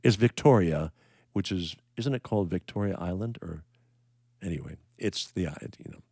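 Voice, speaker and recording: With a deep, gravelly voice that's a little mellow and carries a breathy edge, an older American worship livestream host chats folksily with his viewers. He greets them in a rambling manner, often pausing with uh and um. There's no room sound, and the audio is studio quality.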